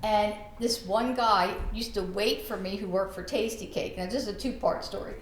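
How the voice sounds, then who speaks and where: A middle-aged woman, a podcast host and realtor, telling a story in an animated, laughing way. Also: medium pitch, normal speed. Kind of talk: storytelling in casual chat. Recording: echoey room with faint background noise.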